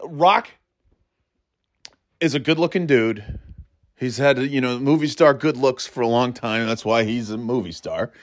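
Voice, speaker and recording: A man's voice: mid-range voice, unhurried, pauses often. A man talking casually on his own, rambling with fillers and restarts and cutting in short jokey imitations. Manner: breaks into short mock catchphrase imitations. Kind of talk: casual solo chat.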